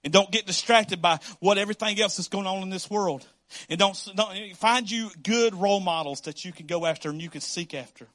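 A man preaching a sermon as pastor, emphatic and animated, acting out the voices he quotes and swinging from loud to hushed. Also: sits high, a little fast, dry recording.

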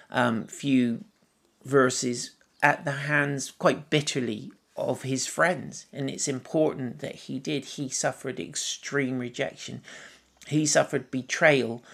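Guy giving a sermon, gravelly voice, reads the passage then mulls it over softly. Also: mid-range voice. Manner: reads scripture aloud, then muses on it; gentle and reflective, many soft asides. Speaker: preacher.

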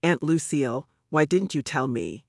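A curious, defiant young girl presses her elders with blunt questions, voiced by a man narrating. The tone is a touch high for a man and close, with no room sound. It plays as a storybook part. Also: animated, moderate pace, vocal fry, darkish tone, dry recording. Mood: pleading. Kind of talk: audiobook character voice.

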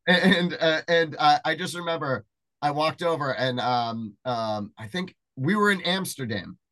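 A man's voice: fairly high pitch, unhurried, a bit bright. A man hosting a podcast, telling stories in a casual, rambling way with lots of fillers. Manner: rambling storyteller, many fillers and restarts. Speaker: podcast host. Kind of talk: casual chat.

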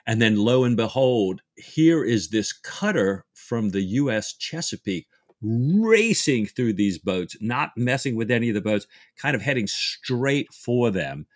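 A man's voice: mid-range voice, big pitch swings, measured pace, no room sound, clean studio sound. A man co-hosting a book podcast, chatting enthusiastically about the story. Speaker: podcast co-host. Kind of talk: casual book discussion.

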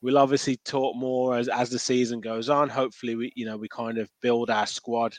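A man's voice: medium pitch, level tone, brisk, no room sound. Easygoing man, dry close sound. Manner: easygoing, laughs often, trails off with fillers. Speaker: podcast co-host. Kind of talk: casual football chat.

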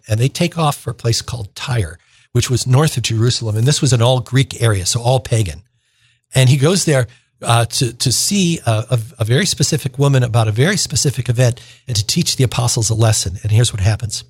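Male deacon for a radio reflection: husky, dry close sound, casual explaining. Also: medium pitch, brisk, dry recording. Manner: informal, plain-spoken explaining.

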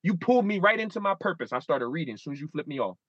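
A man's voice: a little high, big pitch swings, rapid-fire, fairly bright tone, breathy edge, dry recording, muffled recording. A man in his thirties, a guest in a casual interview, telling stories animatedly and acting out his own inner dialogue. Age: 30s.

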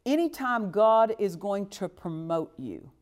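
A woman's voice: medium pitch, lively intonation, measured pace, a little mellow. A woman preaching a sermon, earnest and exhortative, repeating phrases for emphasis and now and then breaking into a short laugh. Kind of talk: sermon to a responding congregation.

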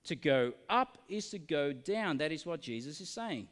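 A man preaching a sermon with a fairly high, lively voice that climbs and falls through rhetorical questions. He slows right down to lean on key words. A long reverb hangs around him, as in a big church hall.

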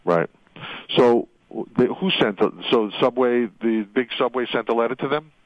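A man's voice: mid-range voice, moderate pace, no room sound. A man hosting a radio interview as an attorney, walking his guest through her story with rambling leading questions that keep ending in "right?". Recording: dull radio audio.

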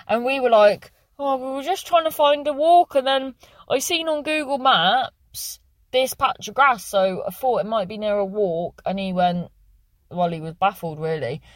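A woman's voice: on the high side, a little slow, dry recording. Young woman, casual vlogger, rambling and sweary, dry in-car sound. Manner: rambling, swears freely, chatty. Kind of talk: casual chatty vlog monologue. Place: sitting in a parked car.

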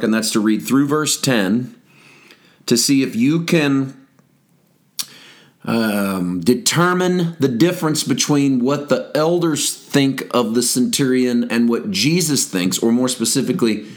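A man hosting a daily Bible podcast, reading scripture aloud and explaining it with emphasis on key words. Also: mid-range voice. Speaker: pastor. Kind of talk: teaching a Bible lesson podcast.

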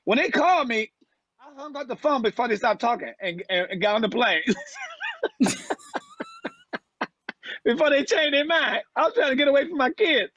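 A man's voice: extremely high pitch, lively intonation, normal speed, pauses often, a bit bright, dull audio, a little hiss or hum. A man, a comedian, joking around as a guest in a casual podcast chat. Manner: joking, playful, sings a rap.

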